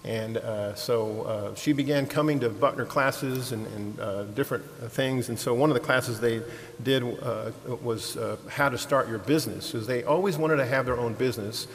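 Man preaching in a large echoing hall. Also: medium pitch. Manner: animated, acts out quoted voices, laughs easily; halting restarts and repeated words. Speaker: ministry leader. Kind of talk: sermon-style storytelling. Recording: long hall reverb, faint hiss.

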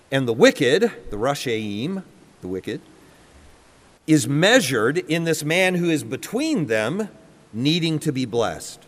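A man of middle pitch delivers a sermon in a large auditorium, swinging from raised, emphatic lines to quiet, drawn-out ones. His voice carries a long hall reverb. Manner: builds to raised, emphatic preaching, then drops low and slow. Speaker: preacher.

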